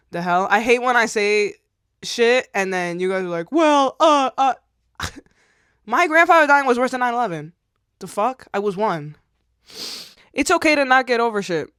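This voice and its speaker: A woman's voice: fairly low pitch, a bit bright, clean tone, dry recording, clean studio sound. A woman in her twenties talking candidly to camera in a vlog, rambling, slangy and swearing, tearful at times. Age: 20s. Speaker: vlogger.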